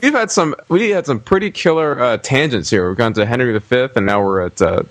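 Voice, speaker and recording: A man trading jokes in easy podcast chat. His pitch swings freely as he talks. His voice is dry and close to the mic. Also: animated, brisk, dry recording. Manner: joking, playful. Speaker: podcast co-host. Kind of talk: casual chat.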